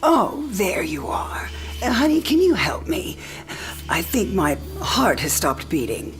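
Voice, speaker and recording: A low, breathy dying old mother. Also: big pitch swings, unhurried, soft background music. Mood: tender. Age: 60s. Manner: breathy, half-whispered, teasing. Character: dying older mother, frank and tender. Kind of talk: video game cinematic acting.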